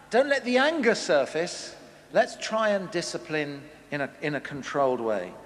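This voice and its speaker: A man's voice: moderate pace, slight background noise. A middle-aged man giving a humorous family talk to a live audience, acting out scolding parents. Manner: animated, acts out scolding parents with big pitch jumps. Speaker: conference speaker. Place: large hall. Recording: long reverb of a big hall.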